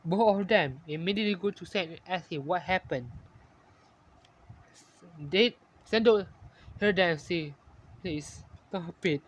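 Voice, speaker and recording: A man narrating a fan-made story in halting, ungrammatical English, often correcting himself. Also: high-pitched.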